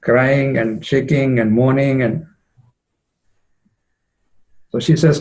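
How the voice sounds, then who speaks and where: A male preacher retelling a devotional story in a relaxed, conversational way. His voice sits at an ordinary middle pitch, and he leans on easy fillers as he explains. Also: takes it slowly, pauses often, low-quality recording. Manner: conversational, many "you know" fillers.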